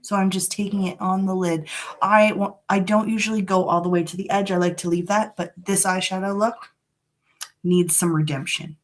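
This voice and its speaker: Chatty woman doing her makeup on a live vlog, frank and a bit dramatic, mid-pitched voice. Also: fairly even intonation, moderate pace. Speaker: beauty vlogger. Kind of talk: casual live makeup chat. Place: home room.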